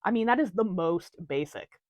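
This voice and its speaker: Woman as a mocking, bawdy female ghost; lively, dry comedy read. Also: on the low side, moderate pace, dry recording, natural voice. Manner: crude, teasing, mocking. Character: bawdy prankster female ghost, over a century old. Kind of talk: comedic audio drama.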